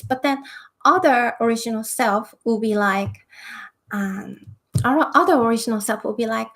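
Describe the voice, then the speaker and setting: A woman's voice: fairly high pitch, normal speed. A woman hosting a spiritual self-help monologue, talking hesitantly with many fillers. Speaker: spiritual talk host.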